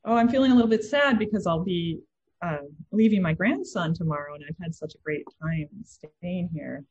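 A woman's voice: lowish voice, a little mellow, lo-fi sound, lightly acted. Woman playing a teary, tender grandmother. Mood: sad. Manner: emotional, halting.

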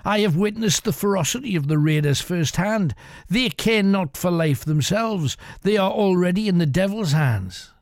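A man voicing a calm, grey-bearded old bishop who speaks solemnly and steadily in a told tale. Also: high-pitched, moderate pace, dry recording, studio quality, pitched above the performer's own voice. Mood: grave.

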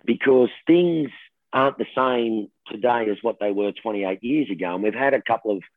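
A middle-aged Australian man, a television host, telling stories in a lively casual chat and laughing often. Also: mid-range voice, moderate pace, no echo. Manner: animated storyteller, laughs often, says mate. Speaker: TV host guest. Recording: tinny phone line, dry.

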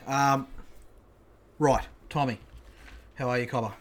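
A man's voice: mid-range voice, lively intonation, brisk, fairly bright tone, faint music behind. Blunt Australian man telling a story. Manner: blunt, profane, laid-back storyteller. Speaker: podcast host. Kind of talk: casual chat and storytelling.

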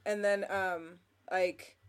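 A woman's voice: mid-range voice, fairly even intonation, slow, smooth. A woman co-hosting a podcast, chatting over beers, who talks enthusiastically and laughs easily. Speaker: podcast co-host. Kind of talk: casual chat over beers.

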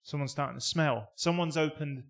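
A man in casual podcast chat, animated, breaking into snatches of song and beeping sound effects. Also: on the high side, moderate pace, vocal fry. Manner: animated, bursts into sung lines and sound effects. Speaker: podcast co-host.

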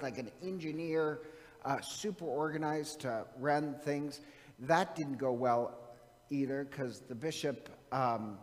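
A man, a priest, casually telling an anecdote from his seminary days, rambling with many fillers and restarts. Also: a little high. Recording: long hall reverb.

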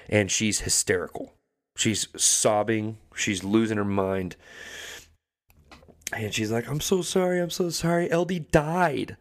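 A young adult man co-hosting a podcast, telling a story casually and acting out the people in it. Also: fairly low pitch. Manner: animated storyteller, acts out quoted voices. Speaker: podcast co-host.

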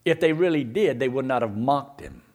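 A man's voice: mid-range voice, animated, normal speed, darkish tone. A man preaching a sermon, firing rhetorical questions and reading scripture aloud.

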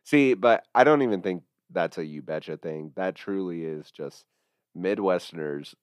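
Deep-voiced joking Kansas guy. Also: normal speed, clean tone, no echo, studio quality. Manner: joking, easygoing. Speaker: podcast co-host. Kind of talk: casual chat.

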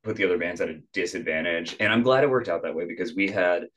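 A man's voice: sits low, fast talker. A young adult man, a musician guest on a podcast, telling a story in casual chat, acting out quotes with lots of "like" fillers. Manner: animated, acts out quotes, many "like" fillers.

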